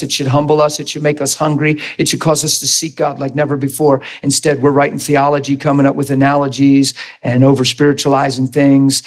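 A middle-aged man, preaching a sermon in a conversational, animated way, with asides to the congregation. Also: medium pitch. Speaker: pastor.

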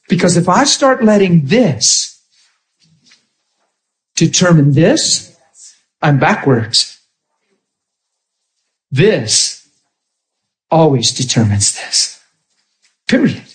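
Male preacher, slightly high voice, lively testimony-driven sermon delivery. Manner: animated storytelling, swinging from hushed to emphatic.

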